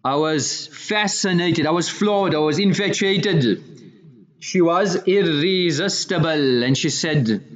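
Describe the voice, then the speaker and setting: A man's voice: fairly high pitch, slow pace. A man giving a religious lecture as a story. He recites Arabic passages, then paraphrases them in English, repeating words and piling up synonyms. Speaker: Islamic lecturer. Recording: dull lo-fi recording.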